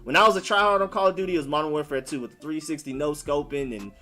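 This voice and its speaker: Faint music sits behind a young man racing through a laid-back live stream as he answers viewers. His slightly high voice is pushed and bright; born in Maryland and raised in Atlanta, he keeps things slangy and conversational, with lots of "like" and "y'all."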